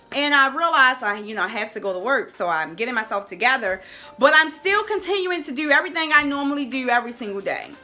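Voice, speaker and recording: Lively, bright-voiced woman telling a story. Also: high-pitched. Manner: expressive storyteller, speaks to listeners as "y'all". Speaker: health coach. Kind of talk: personal storytelling to camera.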